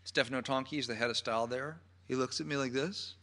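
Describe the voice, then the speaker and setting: A man's voice: medium pitch, fairly even intonation, quick pace, hardly any pauses, sharp tone. A man giving a public talk as a perfume critic, an effusive storyteller who piles on gushing adjectives.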